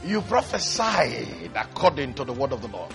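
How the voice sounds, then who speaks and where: A man preaching a sermon, swinging between quiet asides and high, excited shouts. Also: moderate pace, vocal fry, over music.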